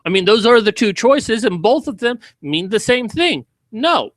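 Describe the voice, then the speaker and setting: Sarcastic man ranting with a bright edge. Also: high voice, sing-song, normal speed, dry recording. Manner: heated, sarcastic, heavy swearing. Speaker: commentary video host. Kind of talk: ranting commentary.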